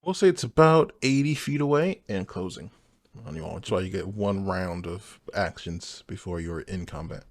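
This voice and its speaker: A man running a tabletop game as game master, describing scenes in an unhurried way. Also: sits low, lively intonation.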